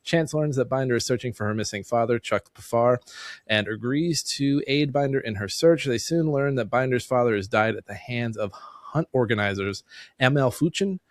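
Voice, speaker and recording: A man's voice: mid-range voice, moderate pace, dry recording. A man in his thirties hosting a podcast, reading a film summary aloud with dry asides. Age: 30s. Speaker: podcast host.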